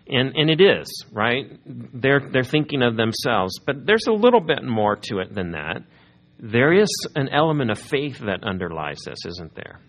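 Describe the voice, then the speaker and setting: A man's voice: mid-range voice, sing-song, normal speed, fairly bright tone. A man preaching a sermon as pastor, talking conversationally and asking his congregation questions.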